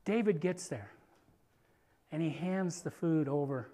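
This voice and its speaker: A male preacher in a sermon, retelling a scripture story in an animated, conversational way. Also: a little high, measured pace.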